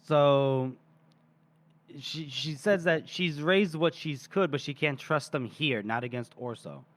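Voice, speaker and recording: A man with a somewhat high voice for a man retells a novel's scenes in casual podcast chat. He often giggles and slips into quoting the characters. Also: slow pace. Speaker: podcast co-host. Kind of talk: casual book discussion.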